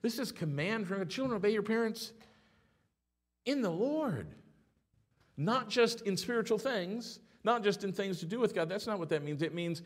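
Male pastor preaching, middle-aged, lively rising and falling pitch, a bit high, dramatic hushed-to-loud storytelling. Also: normal speed. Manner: animated storytelling, swings between hushed and loud. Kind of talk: sermon.

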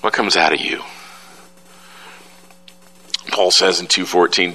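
A man's voice: low voice, steady tone, slow, pauses often, pushed and bright, a little hiss or hum, rough recording. A middle-aged man preaching an emphatic sermon as pastor, repeating key phrases for effect.

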